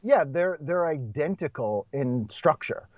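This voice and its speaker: A man's voice: a little high, lively intonation, a little slow, no echo. A man from Boston, a stand-up comedian, talking casually as a podcast guest, restarting sentences and laughing between points. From Boston, USA. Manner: chatty, self-correcting, laughs between points. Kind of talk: casual conversational interview. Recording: dull, muffled podcast audio.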